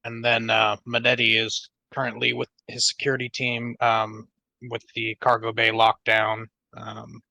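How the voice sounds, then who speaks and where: A man's voice: mid-range voice, monotone, a little slow, vocal fry, pushed and bright, dry recording. A man describing his character's actions in a tabletop game, casually and with chuckles. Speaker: player.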